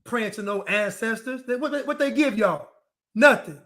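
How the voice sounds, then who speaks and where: A man's voice: extremely high pitch, moderate pace, fairly bright tone. A man delivering a defiant ranting monologue to camera, repeating his phrases over and over.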